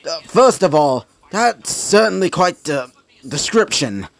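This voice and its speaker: A man's voice: a little high, sing-song, measured pace, vocal fry, no room sound, full character voice. Man doing a folksy cowboy type. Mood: startled. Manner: drawling, says partner.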